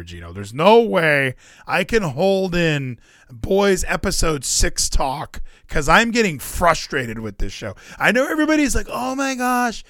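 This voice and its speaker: A young adult man hosts a casual podcast chat full of rambling jokes, running gags, joking asides and bursts of ranting. His voice is fairly high and fairly bright, captured in a clean studio with no echo.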